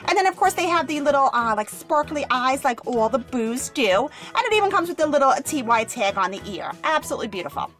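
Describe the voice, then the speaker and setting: A young woman hosting a toy unboxing video, gushing with excited, bubbly exclamations. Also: high voice, brisk, few pauses, soft background music. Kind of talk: upbeat toy unboxing narration.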